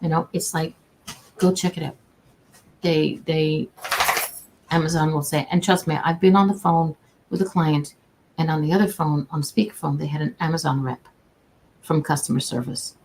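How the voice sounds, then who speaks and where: A woman customer service agent with a low voice gives casual advice on a livestream through her own camera, using fairly even intonation at a moderate pace. She's chatty, folksy and warm-hearted, often restarting sentences, and the low-quality recording has slight background noise.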